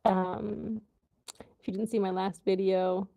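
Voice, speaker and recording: A woman hosting a casual livestream, chatting loosely with her viewers and filling pauses with ums and likes. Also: medium pitch, little pitch movement, gravelly, mellow. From USA. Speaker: livestream host. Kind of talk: casual live chat with viewers.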